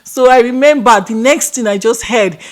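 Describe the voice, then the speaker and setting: A woman with a Nigerian accent, co-hosting a podcast and telling stories in casual chat, animated and often laughing. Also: a little high, moderate pace. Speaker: podcast co-host.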